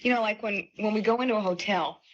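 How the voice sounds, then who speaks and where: A woman's voice: medium pitch, fast. A woman in a touring singing group, chatting in a radio interview and telling stories with frequent laughs. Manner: lively storyteller, laughs often. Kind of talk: casual interview chat. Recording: muffled 1970 radio broadcast recording.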